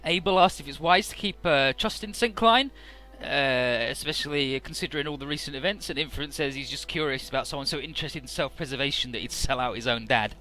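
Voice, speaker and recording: A man's voice: mid-range voice, a little fast, sharp tone, soft background music. A man casually recapping a video game story for his let's play, chatty and full of "uh" and "he's like".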